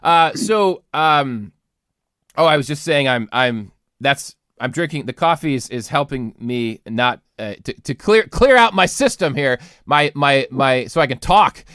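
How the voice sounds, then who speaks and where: A man's voice: medium pitch, expressive, measured pace, a bit bright, clean tone, dry recording, clean studio sound. A congested man, a pastor co-hosting a podcast, talking earnestly in casual chat with many restarts.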